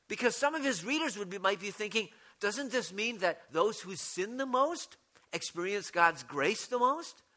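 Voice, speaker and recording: A man's voice: high voice, pushed and bright. A man preaching a sermon as pastor, explaining scripture with rhetorical questions and frequent restarts.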